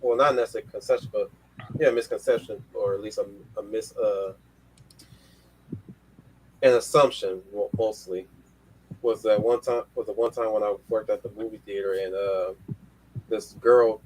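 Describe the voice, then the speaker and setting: A man's voice: lowish voice, steady tone, moderate pace, long pauses, a little mellow, slight background noise, low-quality recording. A man hosting a casual panel chat, rambling with many restarts and casual swearing. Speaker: podcast host.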